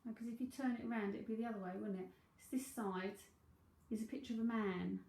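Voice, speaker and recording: Her voice medium-pitched, steady, and a touch mellow, a psychic medium with a London Cockney accent talks quickly through a live reading. She's chatty, laughs a lot, and reasons aloud, and the room echoes noticeably.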